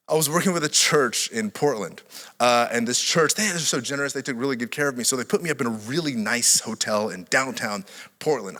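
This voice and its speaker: A middle-aged man, a pastor, preaching a sermon and telling stories, swinging from hushed lines to loud, laughing ones. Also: on the high side. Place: large church hall. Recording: long hall reverb.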